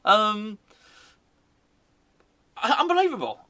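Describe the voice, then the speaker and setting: A man's voice: sits high, wildly swooping pitch, slow, sharp tone. A man hosting a fan channel, rambling and joking in casual football chat, often correcting himself mid-sentence. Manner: rambling, jokey, self-correcting.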